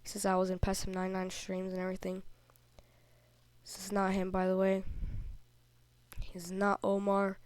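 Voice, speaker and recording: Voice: mid-range voice, completely flat delivery, moderate pace, long pauses, smooth. A young kid, not yet through puberty, telling a rambling, indignant story in a casual vlog while a little sick. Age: child, before puberty. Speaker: video creator. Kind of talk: casual vlog commentary over screenshots.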